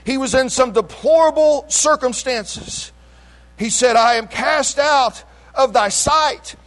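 High-voiced man preaching in a hall. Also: takes it slowly. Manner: swings from loud shouting to low quiet passages; call-and-response preaching. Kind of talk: sermon. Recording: long hall reverb.

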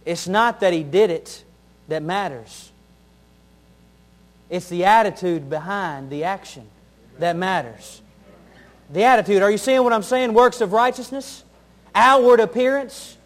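High-voiced man preaching a sermon. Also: unhurried. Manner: earnest preaching with homely stories and repeated key phrases. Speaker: pastor.

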